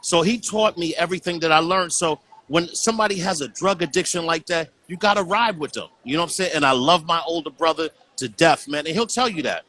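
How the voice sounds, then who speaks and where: A man's voice: on the high side, fairly quick, hardly any pauses, bright, forceful tone. A man talking earnestly in a casual call conversation as a guest, often saying "you know what I'm saying".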